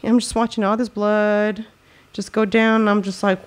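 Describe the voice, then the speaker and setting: A young woman in casual podcast chat, telling a lively personal story and acting out what people said. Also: medium pitch, normal speed, clear, resonant tone. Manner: animated storytelling, acts out quotes, laughs often. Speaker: podcast host.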